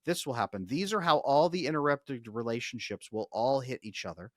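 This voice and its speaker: A man talking as a podcast guest, coaching listeners with animated, acted-out examples. His voice sits at an ordinary middle pitch, and the recording is dry and close with no room sound. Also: moderate pace, no echo. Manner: animated, explanatory, talks through acted examples. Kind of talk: podcast interview.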